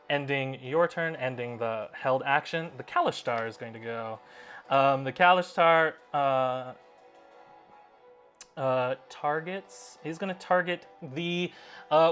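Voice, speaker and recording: A man narrating as game master of a tabletop game, halting and full of fillers, laughing often. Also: a little high, fairly bright tone, clear, resonant tone.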